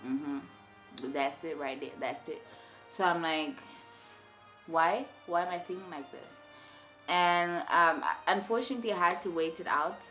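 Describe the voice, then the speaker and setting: A young woman talking candidly to her viewers in a vlog, telling her story in a chatty, expressive way. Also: sits low. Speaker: vlogger.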